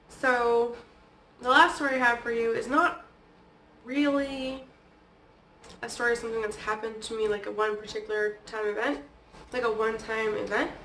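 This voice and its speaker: A woman's voice: on the high side, fairly bright tone, a little hiss or hum. Chatty woman vlogger in an echoey room. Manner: chatty, peppered with "like" and "okay?". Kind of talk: casual personal storytelling. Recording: echoey room, distant from the mic.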